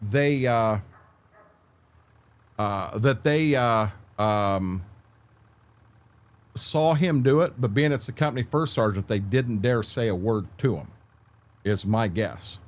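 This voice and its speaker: A man's voice: mid-range voice, slow, long pauses. An older American man streaming a game and telling salty army stories in a casual, profane way. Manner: profane, animated war-story telling.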